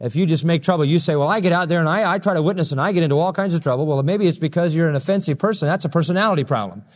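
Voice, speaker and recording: A man's voice: on the high side, racing, long reverb tail. A man preaching a sermon, acting out quoted lines with a raised voice between plain explanation. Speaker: pastor.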